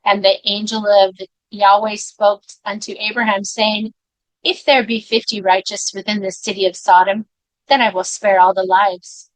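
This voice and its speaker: A woman reading scripture aloud in a measured way, now and then breaking off for quiet personal comments. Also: mid-range voice, level tone, no echo, poor audio. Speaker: scripture reader.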